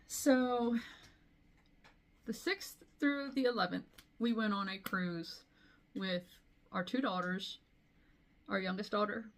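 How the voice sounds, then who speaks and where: Chatty middle-aged woman vlogging. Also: medium pitch. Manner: chatty, rambling, with frequent asides. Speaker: cross-stitch vlogger. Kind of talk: casual chat.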